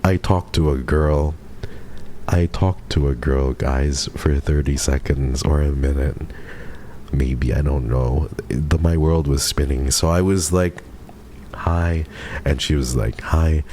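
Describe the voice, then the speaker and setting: A man's voice: extremely low pitch, a little mellow, slight background noise. A young man streaming, telling a story to his chat in a rambling, flustered way full of fillers and casual swearing. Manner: swears casually, addresses chat as "bro" and "guys".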